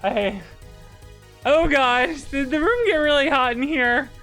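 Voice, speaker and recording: Bright-voiced, giggly woman streamer. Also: high voice, slow. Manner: giggly, flustered, swears freely. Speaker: game streamer. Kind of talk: casual gameplay chat. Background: faint game music.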